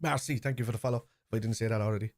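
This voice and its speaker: A man with a Cork Irish accent, streaming a live football watchalong, chatting casually and shouting at the referee and players. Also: lowish voice, steady tone, rapid-fire, dry recording. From Ireland. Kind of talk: live match reaction chat.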